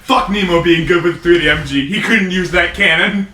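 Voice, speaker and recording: A man co-hosting a casual podcast with friends, telling game stories excitedly, laughing and swearing. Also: high-pitched, normal speed. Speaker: podcast co-host. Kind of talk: casual chat among friends. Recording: roomy echo, distant mic, faint noise.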